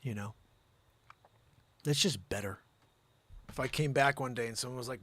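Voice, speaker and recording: A man's voice: mid-range voice, moderate pace, long pauses, fairly bright tone, no echo. A man hosting a comedic news show, rambling through headlines with jokey asides.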